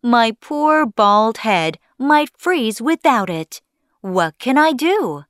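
A woman's voice: fairly high pitch, big pitch swings, slow pace, no echo, studio quality. A woman doing a flustered bald businessman. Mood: dismayed.

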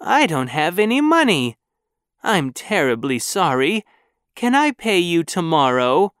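A storybook reader voicing a gentle, polite little old lady with white hair and a cane, speaking softly and apologetically. It is recorded close and dry. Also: medium pitch, very animated, measured pace, no room sound. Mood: apologetic. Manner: soft, apologetic and sweet.

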